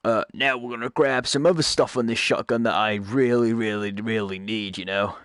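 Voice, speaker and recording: A gaming YouTuber with a lowish, slightly bright voice and fairly even intonation gives casual gameplay commentary at normal speed. He rambles and jokes, often cutting himself off to correct what he just said. The sound is clean studio audio with no room sound.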